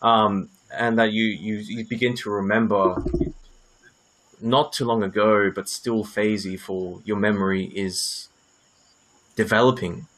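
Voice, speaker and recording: A man acting as game master who narrates a tabletop game in a descriptive, halting way with many fillers. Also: fairly low pitch, fairly even intonation, a bit bright.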